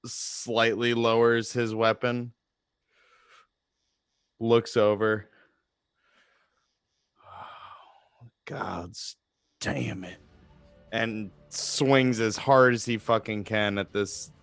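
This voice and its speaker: A man playing a tabletop game, relaxed and swearing casually. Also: on the low side, smooth, no room sound. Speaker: player.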